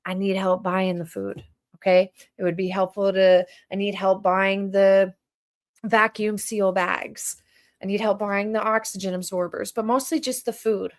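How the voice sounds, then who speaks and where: Speaking a little slowly with a flat delivery in a mid-range voice, a livestream host who organizes community food work gives a fervent, preachy monologue. She keeps firing pointed questions at her audience.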